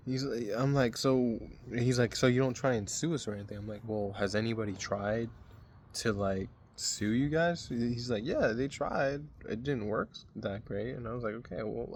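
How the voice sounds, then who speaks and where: A man's voice: mid-range voice, slight background noise. A young man telling a rambling, frustrated story about his job, swearing often and acting out both sides of the conversation. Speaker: vlogger. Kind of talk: casual storytelling rant.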